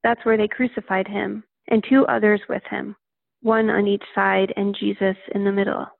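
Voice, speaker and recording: A woman reading a Bible passage aloud in a steady, plain manner. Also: medium pitch, moderate pace, creaky, no room sound. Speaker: scripture reader. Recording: tinny phone-like line.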